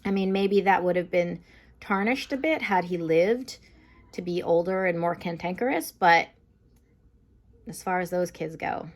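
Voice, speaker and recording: A woman's voice: on the low side, measured pace. A young woman giving a casual, chatty TV episode recap and review, full of fillers like "um" and "like". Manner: chatty, lots of fillers like "like" and "um", acts out quotes.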